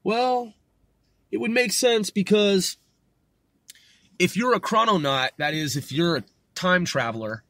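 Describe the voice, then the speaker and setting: Man, slightly high voice, dry close mic, casual reading and commentary, lots of fillers. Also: measured pace, long pauses, a bit bright, dry recording. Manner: reads aloud from web pages and thinks aloud, with frequent fillers. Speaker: conspiracy video host.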